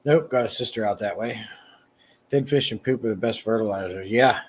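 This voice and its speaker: Guy doing a laid-back live stream, chatty, answers the chat, kinda rambly. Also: husky. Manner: rambling, answers chat by name, many restarts; mock sales pitch, slow and emphatic. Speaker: livestream host. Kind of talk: casual live chat reading comments.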